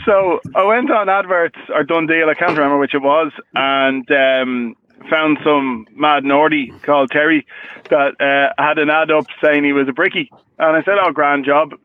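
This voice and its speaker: A man's voice: a little high, steady tone, normal speed, dry recording, phone-quality sound. A man telling a rambling, sweary story in casual podcast chat, often tagging "right?". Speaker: podcast co-host.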